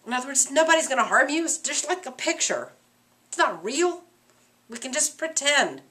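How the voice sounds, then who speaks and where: A woman teacher walking her class through a play scene. She speaks in a high, bright voice with lively swings of pitch. She keeps stopping to put rhetorical questions to her students. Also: normal speed.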